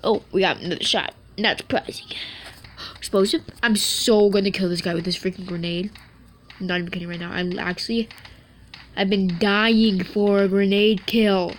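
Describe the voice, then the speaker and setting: A woman giving casual gameplay commentary, excitable and joking, with swearing and quick asides. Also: mid-range voice, slight background noise. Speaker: mobile game streamer.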